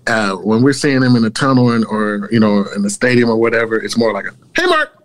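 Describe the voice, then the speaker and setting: A man chatting as a guest, playful and animated, often breaking into laughs. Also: lowish voice, fast, poor audio. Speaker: guest, former pro dance team member. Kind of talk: casual chat.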